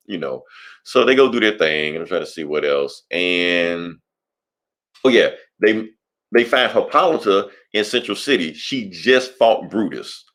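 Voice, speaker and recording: A man's voice: sits low, expressive, unhurried, a bit bright. A man co-hosting a podcast, casually recapping a comic book plot in a loose, profane storytelling way. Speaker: podcast co-host.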